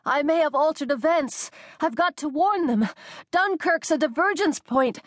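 A woman's voice: high-pitched, moderate pace, dry recording, studio quality, voice pushed up, natural voice. A woman voicing a frantic young American man who pleads urgently in an audiobook. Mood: pleading. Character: young male American time traveler, frantic. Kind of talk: audiobook character voice.

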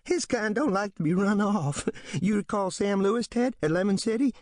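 A man voicing a drunk, fiery backwoods man who talks in rough rural dialect, loud and goading. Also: lowish voice, very animated, takes it slowly, no room sound, clean studio sound, heavily acted. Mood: taunting.

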